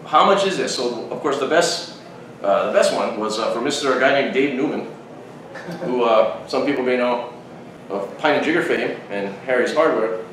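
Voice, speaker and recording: A podcast host tells a long story in rambling, casual chat, often restarting his sentences. His voice is medium-pitched at a normal speed, captured in a very echoey room on a distant mic with faint noise.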